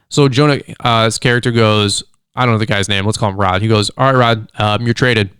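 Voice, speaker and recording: Middle-aged guy doing a chatty solo podcast, smooth clear voice, dry close studio sound, acts out little quotes. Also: fairly low pitch, dry recording. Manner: chatty and animated, retells scenes with quick quoted voices. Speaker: podcast host, lawn care business owner. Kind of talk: casual solo podcast talk.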